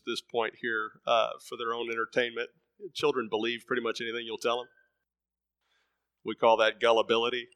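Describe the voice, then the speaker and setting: A man's voice: medium pitch, no echo. Emphatic preacher man, dry close sound. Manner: emphatic, repeats words, swings from loud bursts to soft murmurs. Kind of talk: sermon.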